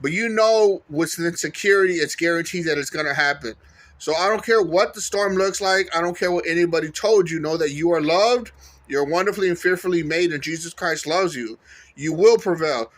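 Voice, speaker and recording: Earnest, fairly high-voiced man vlogging. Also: brisk, fairly bright tone. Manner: earnest and encouraging, with fillers and self-corrections. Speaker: faith vlogger. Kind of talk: casual testimony.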